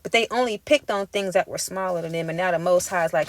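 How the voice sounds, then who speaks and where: A woman's voice: on the low side, brisk, few pauses, slight background noise. Profane, fired-up woman tarot reader. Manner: emphatic, profane, street-talking pep talk. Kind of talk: intuitive tarot reading monologue.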